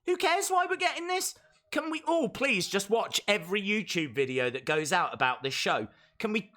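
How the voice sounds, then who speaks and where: Brief: man live-streaming reactions, energetic shouts, bright and forceful tone. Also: high-pitched. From England. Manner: excitable, bursts into shouting. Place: outdoors in a field.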